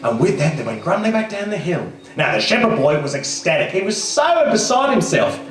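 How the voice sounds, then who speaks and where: A man's voice: on the high side, big pitch swings, a little fast, a bit bright. A man doing live comedy storytelling in a theatrical, camp manner with frequent giggles. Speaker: comic storyteller. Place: small live performance venue. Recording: echoey venue, far from mic, music.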